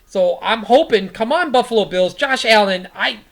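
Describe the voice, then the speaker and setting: A woman's voice: medium pitch, expressive, moderate pace, vocal fry. A woman around forty, hosting a casual sports podcast and recapping football in a rambling way, full of fillers.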